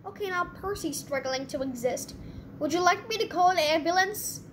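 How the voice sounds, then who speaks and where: A woman hosting her channel, giving excitable gameplay commentary with quick reactions. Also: extremely high pitch, a little hiss or hum. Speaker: channel host.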